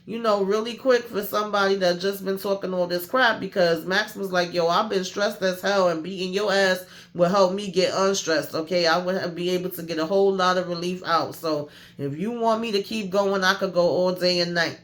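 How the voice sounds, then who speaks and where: Animated man recapping a TV episode. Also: high voice, normal speed. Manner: animated, slangy, acts out characters' lines. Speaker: TV show recap host. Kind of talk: casual recap monologue.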